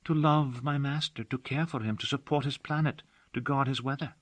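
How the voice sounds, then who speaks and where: A man's voice: mid-range voice, fairly even intonation, moderate pace, no echo, pitched above the performer's own voice, lightly acted. A man reading an audiobook, voicing a devoted young female servant who talks earnestly and dotingly. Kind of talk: audiobook character voice.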